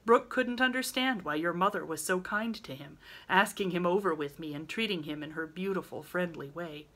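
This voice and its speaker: A woman reading aloud, voicing an excitable, impatient teenage boy who talks in emphatic outbursts. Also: on the low side, normal speed. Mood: indignant.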